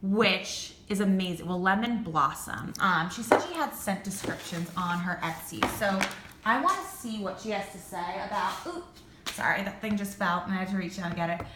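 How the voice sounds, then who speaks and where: A young woman reviewing candles in a casual vlog, gushing and excitable, with lots of "like" fillers. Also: medium pitch, moderate pace, reverberant, background noise. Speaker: beauty and candle vlogger.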